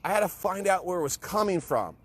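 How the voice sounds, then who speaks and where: A man's voice: high-pitched, animated, brisk, breathy edge. A middle-aged man giving an impassioned, blunt pep talk to camera, emphatic, repetitive and peppered with swearing. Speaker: motivational vlogger.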